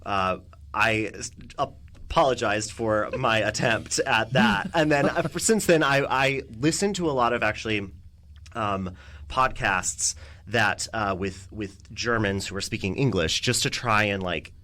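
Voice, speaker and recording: A male stage actor talks about his work in a casual radio interview, modest and halting, with lots of "uh" and "um". His voice has a bright, slightly tense edge at an average pitch. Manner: modest, hesitant, many fillers.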